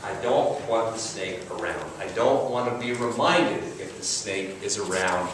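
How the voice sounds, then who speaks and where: A man's voice: lowish voice, expressive, a little slow, noisy background. A man preaching a sermon as pastor, conversational, with repetition and emphasis. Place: church sanctuary. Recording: roomy church sound from a distant mic.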